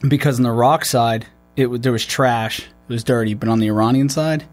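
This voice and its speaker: A man's voice: medium pitch, fairly even intonation, fairly quick, no echo, soft background music. A man, a military veteran, talking in a loose, rambling way with many restarts and fillers. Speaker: podcast host. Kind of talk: casual conversation.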